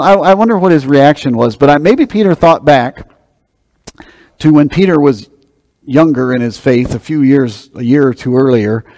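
A man preaching a sermon as pastor, swinging between loud emphatic bursts and quiet, slowed-down asides. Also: medium pitch, no room sound, in a large hall.

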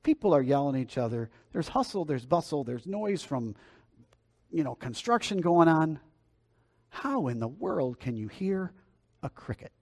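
A man's voice: on the high side, big pitch swings, moderate pace, a little mellow, voice pushed up. A preacher doing an amazed young businessman. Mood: incredulous.

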